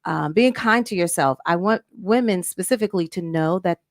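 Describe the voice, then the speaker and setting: Earnest, low-voiced woman co-host. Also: moderate pace, no echo, clean studio sound. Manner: reflective, earnest, many restarts. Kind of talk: casual talk show chat.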